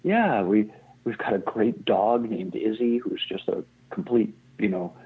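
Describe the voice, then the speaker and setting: Older man, fire chief guest, husky voice, rambling and self-deprecating, tinny phone-line sound. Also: fairly low pitch, fairly even intonation, a little slow. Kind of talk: casual interview talk.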